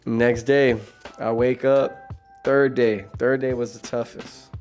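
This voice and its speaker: A man's voice: medium pitch, level tone, slow, a little mellow. A young man casually telling a story, laid-back and slangy, with light music behind. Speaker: vlogger.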